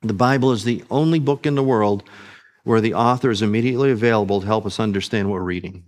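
A man's voice: fairly low pitch, quick pace. A man preaching a sermon, earnest, calling his listeners family and asking them questions.

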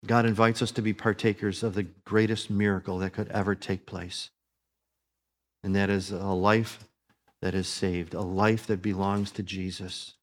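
Preaching man with a lowish voice. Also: level tone, moderate pace. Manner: rising to emphatic preaching, then praying softly. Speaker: pastor. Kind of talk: sermon. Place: church building.

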